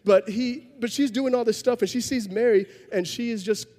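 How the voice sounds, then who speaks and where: A man's voice: extremely high pitch, moderate pace, warm tone, big-room sound. A man preaching a sermon, telling a story in a conversational way with self-deprecating humor. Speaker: pastor.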